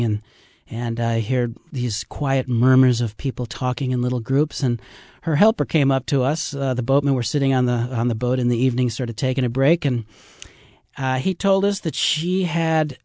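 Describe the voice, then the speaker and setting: A man's voice: mid-range voice, a little mellow, no echo, clean studio sound. A man who guides river rafting trips, telling heartfelt, reflective stories as a radio interview guest. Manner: heartfelt, reflective storytelling with fillers.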